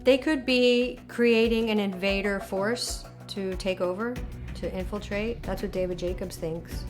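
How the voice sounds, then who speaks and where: Brief: woman interviewee, average pitch, emotional storyteller, faint music behind. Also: fairly even intonation, a little slow. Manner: emotional, vivid storytelling with hesitations. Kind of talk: documentary interview recounting an experience.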